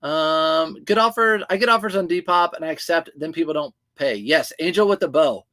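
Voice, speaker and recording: High-voiced man chatting on a livestream. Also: moderate pace, sharp tone. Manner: chatty, answers viewer comments as he talks. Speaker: clothing reseller hosting a livestream. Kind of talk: casual livestream chat.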